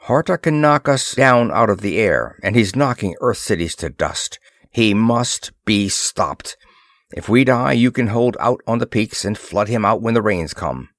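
A man's voice: fairly low pitch, lively intonation, a little slow, a bit bright, dry recording, studio quality. A man voicing a firm, emphatic expedition leader.

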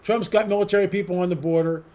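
A man's voice: sits high, steady tone, fast talker, darkish tone. A man hosting a solo political commentary monologue. He rambles, asks sarcastic rhetorical questions and repeats words for emphasis.

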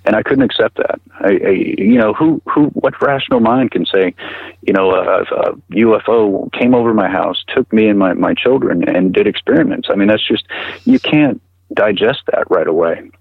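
A middle-aged man telling his story in an interview, halting and repeating words with many fillers, heard over a tinny phone line. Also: lowish voice, gravelly, breathy edge, no room sound. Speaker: guest recounting personal experience.

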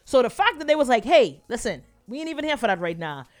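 A lively co-host talks loosely and reads viewer comments aloud in a relaxed chat. Soft music sits faintly in the background. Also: medium pitch, fast. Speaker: podcast co-host. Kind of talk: casual chat.

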